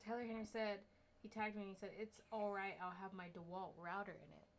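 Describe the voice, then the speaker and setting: A woman's voice: medium pitch, level tone, fast, creaky, a little hiss or hum. Chatty woman co-host relaying chat. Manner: chimes in from the side, relaying chat messages. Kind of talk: casual livestream chat.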